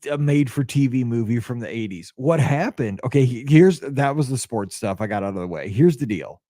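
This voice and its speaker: A man hosting a podcast, telling a story in a casual, excitable and openly emotional way, with lots of restarts. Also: medium pitch, no room sound, studio quality. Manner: excitable, rambling sports storyteller. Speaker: podcast host.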